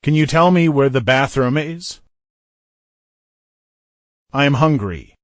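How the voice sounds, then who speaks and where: An English teacher with a voice on the high side reads everyday phrases for beginners at a normal speed. He says each short phrase, then repeats it inside a longer sentence, in a dry, studio-quality recording.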